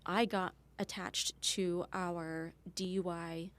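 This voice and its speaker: A woman with a somewhat low voice talks as a podcast guest. She tells her story candidly and chattily, the way a police officer recounts her career. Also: flat delivery, takes it slowly, fairly bright tone. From Canada. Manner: candid, chatty, laughs easily. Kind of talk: casual interview storytelling.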